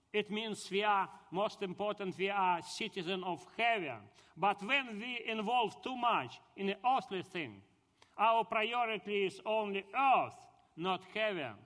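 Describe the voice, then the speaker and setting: A man from Ukraine with a Russian accent, preaching a sermon in halting English and searching for words. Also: high-pitched, fairly bright tone, long reverb tail.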